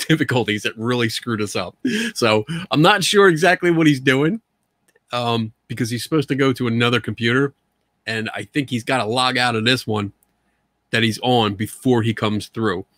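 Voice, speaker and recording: A man's voice: mid-range voice, a bit bright, dry recording. Chatty man hosting a livestream, dry sound. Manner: chatty, laughs often, repeats words. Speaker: show host. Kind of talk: casual livestream chat. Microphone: computer mic on video call.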